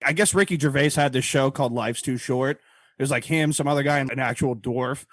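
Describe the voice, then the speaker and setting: A man's voice: mid-range voice, a little fast, dry recording, clean studio sound. A man hosting a casual comedy podcast, telling profane stories and acting out the people in them. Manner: profane, animated storyteller who acts out quotes. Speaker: podcast host.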